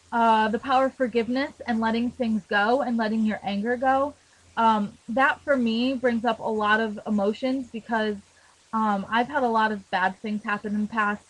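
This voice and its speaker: A woman's voice: fairly high pitch, low-quality recording. A young woman talking casually to camera about her favourite books, earnest and full of fillers and restarts. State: emotional, holding back tears. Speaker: book vlogger.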